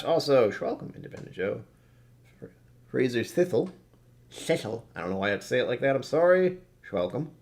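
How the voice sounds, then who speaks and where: A tired man casually rambling through whisky tasting notes, self-deprecating and swearing now and then. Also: fairly low pitch. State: tired from poor sleep. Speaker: whisky reviewer.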